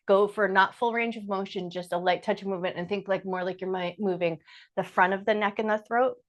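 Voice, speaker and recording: A woman teaching chair yoga, calmly cueing each breath and movement in short, slow phrases. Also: medium pitch. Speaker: yoga instructor. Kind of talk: guided chair yoga instruction.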